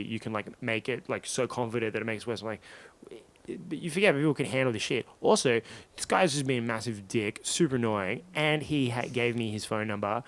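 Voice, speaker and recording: A man co-hosting a comedy podcast, telling a story in a lively, casual way and acting out other people's lines. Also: mid-range voice. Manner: animated, acts out other people's lines in quotes.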